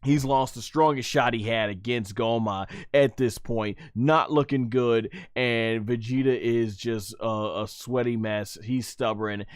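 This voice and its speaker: A man recaps an anime episode in loose, excitable play-by-play, tossing in sound effects as the fights unfold. His voice sits at an ordinary male pitch, and the recording is dry and close. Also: a little slow, few pauses, smooth, dry recording. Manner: excitable, punctuates action with "boom"; loose and rambling, with many restarts and fillers.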